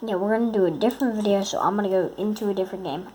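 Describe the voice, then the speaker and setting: A woman's voice: medium pitch, rapid-fire, dark tone, a little hiss or hum. A woman giving casual, playful gameplay commentary to her viewers, goofing around and humming little sound effects. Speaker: gaming video creator.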